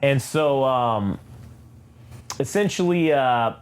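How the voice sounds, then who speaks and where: Male podcast co-host, lively swings in pitch, casual, profane comic recap. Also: clear, resonant tone. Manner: animated, profane retelling with quick character voices.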